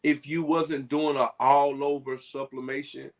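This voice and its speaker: A man talking casually to a group, telling lively stories with folksy asides. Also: mid-range voice, unhurried. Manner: animated storytelling with folksy asides.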